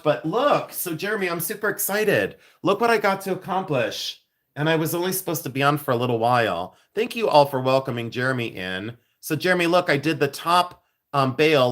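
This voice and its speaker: A man's voice: fairly high pitch, fairly bright tone. A man hosting a livestream from his jewelry studio, chatting effusively with viewers, laughing often and thanking them. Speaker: silversmith livestream host. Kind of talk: casual livestream chat with viewers.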